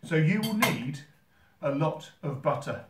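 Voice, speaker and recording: A man hosting a how-to video from a holiday home kitchen, talking in a dry, mock-serious, gently teasing way. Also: on the high side, big pitch swings, measured pace, reverberant, distant mic, noisy background. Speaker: host. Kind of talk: deadpan comic how-to video.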